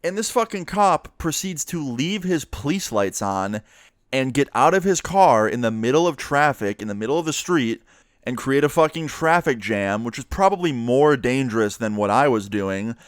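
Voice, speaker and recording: A man's voice: medium pitch, expressive, normal speed, no room sound, studio quality. Young man telling a story, chatty and profane. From New York area, USA. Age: young adult. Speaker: vlogger. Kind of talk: casual storytime monologue.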